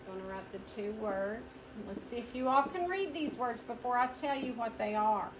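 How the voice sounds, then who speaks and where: A woman teaching a phonics lesson, sounding out each word slowly syllable by syllable and encouraging her young students. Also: fairly high pitch, expressive. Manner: slow, sounding out words syllable by syllable. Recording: echoey room, mic far off, noisy.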